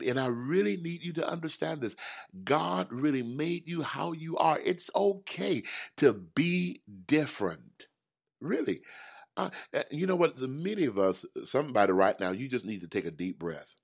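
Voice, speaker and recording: A man hosting a motivational talk show, chatty and animated, often repeating himself. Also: on the high side, normal speed, creaky. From United States. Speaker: host.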